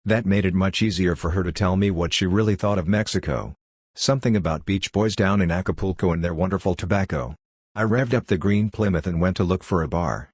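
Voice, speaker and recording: A man's voice: sits low, brisk, a little mellow, husky, no echo. A man giving a wry, matter-of-fact first-person audiobook narration into a close mic.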